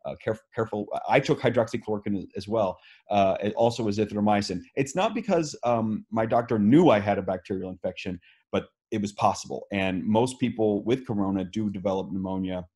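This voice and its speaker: A man's voice: fairly low pitch, a little fast, mellow, breathy edge. A man, speaking as an interviewed scientist, explaining earnestly with many fillers and restarts. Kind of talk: video call interview.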